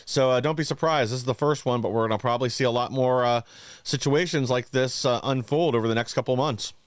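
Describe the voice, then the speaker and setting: A man's voice: medium pitch, quick pace, clean tone, dry recording, clean studio sound. A man co-hosting a political podcast, speaking earnestly with many hesitations. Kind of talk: casual political talk.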